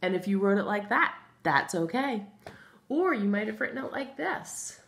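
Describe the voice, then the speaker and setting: A woman's voice: medium pitch, very animated, moderate pace, vocal fry, a bit bright. A woman teaching a first grade phonics lesson, patient and encouraging, spelling out words letter by letter as she writes them on a board. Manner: writes on a board while talking. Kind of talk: recorded remote phonics lesson.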